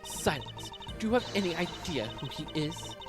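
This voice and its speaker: A man's voice: fairly high pitch, very animated, moderate pace. A man voicing a commanding, indignant woman prosecutor, with game music behind. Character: stern female prosecutor, imperious.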